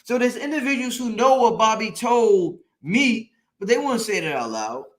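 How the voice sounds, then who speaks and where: A man with a high-pitched voice preaches to his online audience in a loose, emphatic way. He drives points home by repeating them and swears freely as he goes. It sounds like a motivational talk on a late-night live stream. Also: expressive, normal speed.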